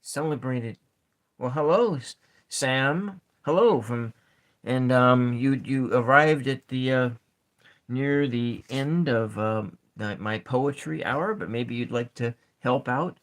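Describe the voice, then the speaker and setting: Very slow soft-spoken man. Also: mid-range voice. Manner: slow, halting, counts syllables aloud. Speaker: ASMR channel host. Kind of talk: soft-spoken ASMR poetry session.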